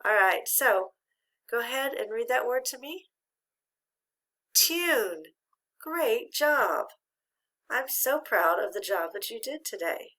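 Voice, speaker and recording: Patient middle-aged teacher lady doing phonics, raspy-ish bright voice, lots of praise. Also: a little high, lively intonation, slow, pauses often. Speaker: reading teacher. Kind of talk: phonics lesson to a child.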